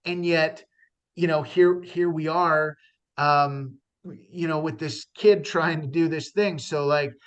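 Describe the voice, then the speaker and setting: A man's voice: on the high side, fairly even intonation, slow, clear, resonant tone, lo-fi sound. A man, a stand-up comedian, talking earnestly in a casual conversation, with frequent restarts and fillers.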